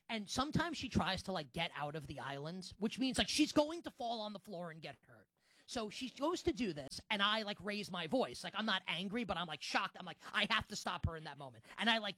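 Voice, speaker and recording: A man's voice: high voice, bright, forceful tone, no echo. Host: man in his thirties, rambling and self-deprecating, dry close sound. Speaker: podcast host. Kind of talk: casual podcast chat.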